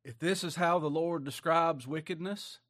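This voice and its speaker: A man preaching a sermon in a folksy, emotional way, dropping quiet and then rising loud. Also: on the high side, normal speed.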